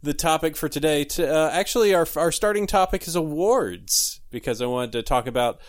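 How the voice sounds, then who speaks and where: A man's voice: fairly high pitch, expressive, brisk. A man hosting a casual podcast chat, rambling with lots of fillers and restarts. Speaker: podcast host.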